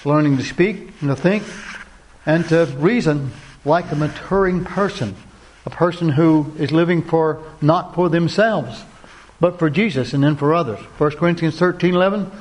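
Male speaker, slightly higher voice, earnest sermon-style talk to men, repeats phrases, asks the room questions. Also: moderate pace, a little mellow, slight background noise. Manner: earnest, repeats key phrases, tells stories; asks the audience direct questions. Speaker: Christian men's ministry speaker. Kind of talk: sermon-like talk to a men's group.

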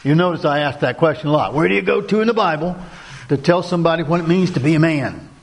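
A man's voice: on the high side, fast, creaky. Earnest man preaching to a men's group. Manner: earnest, repeats key phrases, tells stories; asks the audience direct questions. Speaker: Christian men's ministry speaker. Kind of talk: sermon-like talk to a men's group.

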